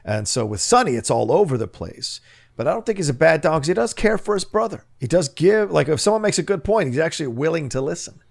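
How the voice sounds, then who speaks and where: A man's voice: fairly high pitch, sing-song, fast, vocal fry. A man co-hosting a podcast, arguing a point about a film character with passion and emphasis. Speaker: podcast co-host. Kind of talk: casual film discussion.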